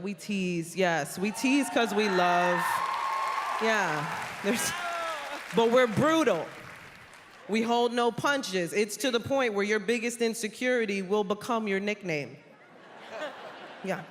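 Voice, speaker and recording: A woman from New York's South Bronx doing an animated stand-up set, teasing playfully with loud bursts, on a theater stage before a live audience. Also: medium pitch. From South Bronx, New York. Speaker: stand-up comedian. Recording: reverberant hall with loud crowd noise.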